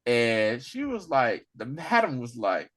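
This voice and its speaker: A man co-hosting a podcast in casual chat, recapping a TV episode and acting out characters with laughter. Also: a little slow. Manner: animated, acts out characters with big pitch swings and laughter. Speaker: podcast co-host.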